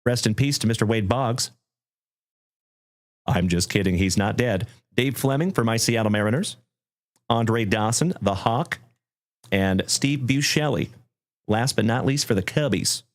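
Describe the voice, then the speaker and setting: A man's voice: on the low side, moderate pace. Effusive man hosting a card-break stream. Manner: effusive, shouts of excitement, heartfelt thanks to viewers. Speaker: live card break host. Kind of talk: livestream card break chat.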